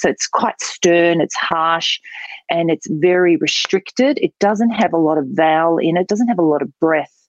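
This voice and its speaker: A woman's voice: deep voice, darkish tone, no room sound. Woman coach on a dull dry line. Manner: explanatory, demonstrating voice types. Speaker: public speaking trainer and guest. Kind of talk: podcast interview answers.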